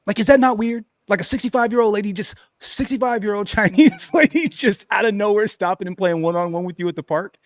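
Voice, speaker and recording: Male host, high voice, dry close sound; animated storyteller who laughs a lot. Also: fairly quick, hardly any pauses, no echo. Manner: animated, laughs often, says "bro" and "you know what I'm saying". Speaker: podcast host. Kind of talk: casual storytelling chat.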